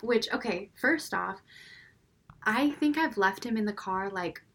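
This podcast co-host, a young woman whose son is five, has a mid-range voice and moderate pace. In casual chat she animates her stories by playing both her little boy and herself.

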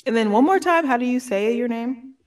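A woman's voice: a little high, animated, a little fast, a little mellow. A young woman from Oakland hosts a podcast in a loose, casual chat. She is playful and laughs often. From Oakland, California. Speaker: podcast host.

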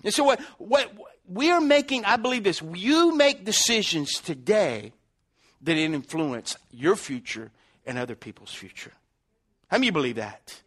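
High-voiced man preaching conversationally. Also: expressive, normal speed, a bit bright. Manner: conversational preaching, acts out quotes, many restarts. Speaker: pastor. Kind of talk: sermon.

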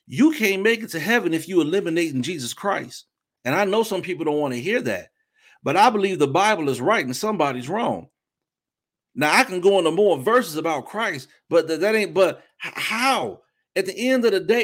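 A man preaching a fervent testimony sermon, with sudden loud bursts of praise between softer reflective stretches. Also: sits high. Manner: shifts between soft reflection and shouting. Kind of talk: impassioned sermon.

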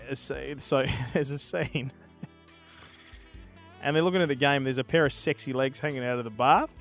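A man hosting a casual podcast, giggly and rambling, with a cold. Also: mid-range voice. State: has a cold. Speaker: podcast host.

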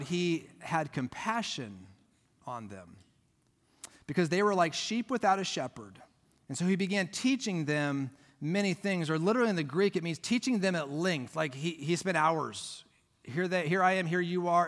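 A man's voice: on the high side, a bit bright. A man preaching a sermon as pastor, teaching conversationally and emphatically, often restarting his phrases. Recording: long hall reverb.

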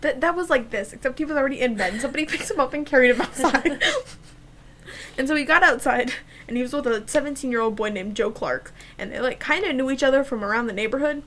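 Chatty young woman with a higher voice. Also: fast talker, fairly bright tone, a little hiss or hum, poor audio. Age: young adult. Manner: chatty, sarcastic, swears freely, laughs often. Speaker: podcast co-host. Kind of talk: casual chat and true crime storytelling.

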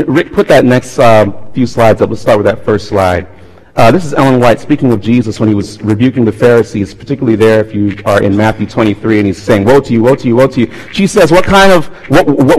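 A male pastor preaching a sermon, swinging between loud appeals and hushed, quiet tones. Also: medium pitch. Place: church sanctuary. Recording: long reverb of a large hall.

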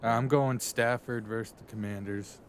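A man's voice: mid-range voice, steady tone, normal speed, slight background noise. A man co-hosting a casual podcast in a laid-back, hesitant way. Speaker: podcast co-host. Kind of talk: casual chat.

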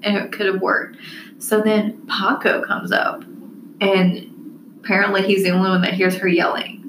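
A woman's voice: medium pitch, flat delivery, moderate pace, background noise. A young woman co-hosting a podcast, giving blunt opinions in a casual recap chat. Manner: opinionated, chatty. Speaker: podcast co-host. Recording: roomy echo.

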